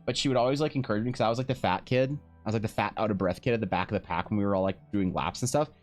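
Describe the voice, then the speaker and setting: A man's voice: on the low side, very fast, faint music behind. A man chatting casually on a live art stream, telling rambling stories, swearing freely and laughing often. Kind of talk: casual chat while drawing on stream.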